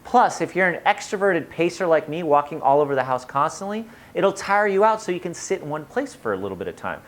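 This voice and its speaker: An energetic host whose voice bounces all over its range while handing out light-hearted advice. The delivery is playful and jokey, the manner of a casual tips video. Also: medium pitch, brisk.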